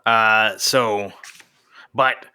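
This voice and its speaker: A man's voice: fairly low pitch, steady tone, very slow, pushed and bright, clear, resonant tone. A man co-hosting a podcast, chatting casually and joking around. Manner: jokey, puts on a movie trailer voice. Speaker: podcast co-host. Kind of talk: casual chat.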